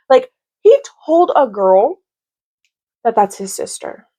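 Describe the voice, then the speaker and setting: Animated woman ranting about a book. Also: sits high, slow pace, pauses often. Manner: animated, exasperated, lots of "like". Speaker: book vlogger. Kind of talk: casual book review rant.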